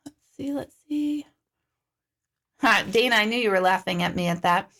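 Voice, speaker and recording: A middle-aged woman hosting a casual live-stream Q&A as an intuitive, chatty and storytelling, acting out her own remarks in lively asides. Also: mid-range voice, moderate pace. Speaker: intuitive medium answering viewer questions.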